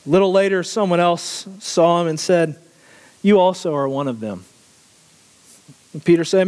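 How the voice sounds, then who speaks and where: A man's voice: high-pitched, moderate pace, pauses often, darkish tone, clear, resonant tone, big-room sound. A man preaching a sermon, asking the congregation questions and often laughing. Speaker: pastor.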